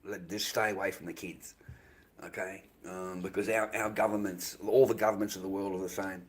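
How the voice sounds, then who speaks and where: A man's voice: deep voice, level tone, fairly quick, rough recording. An Australian man rambling bluntly on his live stream, profane and dismissive, repeating himself and often dropping to a mutter.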